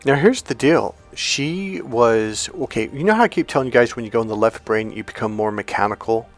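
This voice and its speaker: A man's voice: mid-range voice, brisk. Rambling man telling a story, faint music. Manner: rambling, repeats "I go" and "she goes". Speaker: dating coach. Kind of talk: casual storytelling to viewers.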